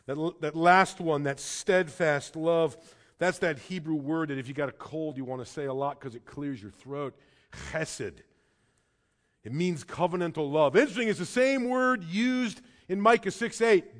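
Male pastor, high voice, earnest sermon delivery that swings from hushed to emphatic, stumbles and repeats at sentence starts. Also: animated, moderate pace.

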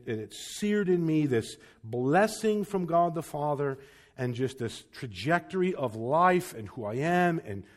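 Pastor guy in his 40s, kinda high voice, earnest sermon story with little jokes. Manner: earnest, personal, self-deprecating humor.

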